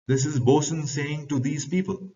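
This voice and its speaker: A man's voice: on the high side, moderate pace, dark tone. A man with an Indian accent teaching a class, reading lines from a play aloud and then explaining them in plain words. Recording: distant dull lo-fi recording.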